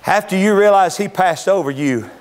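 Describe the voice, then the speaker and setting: The sermon comes from a high-voiced pastor preaching fervently during a church service at a moderate pace. His voice climbs loud and high, then drops down low and soft.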